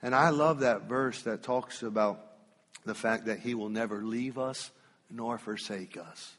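A man preaching a sermon, telling a personal story with emphatic, drawn-out phrasing. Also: medium pitch, fairly bright tone, in a large hall.

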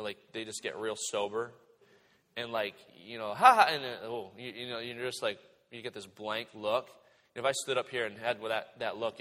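A man preaching a sermon, retelling the passage in animated storytelling and acting out the characters. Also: mid-range voice. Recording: reverberant hall.

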